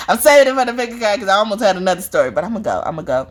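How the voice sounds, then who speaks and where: A woman's voice: medium pitch, sing-song, quick pace. A woman who reads spiritual messages, chatting casually to viewers in a rambling way, full of fillers and laughter. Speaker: spiritual reader.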